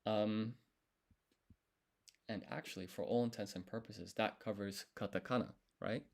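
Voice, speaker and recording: A man with a lowish voice talks slowly through a solo study session on a live stream. He sounds out syllables one by one, pauses often, and corrects himself as he goes, close to a desk mic. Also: fairly even intonation, vocal fry. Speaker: language learner streaming his study.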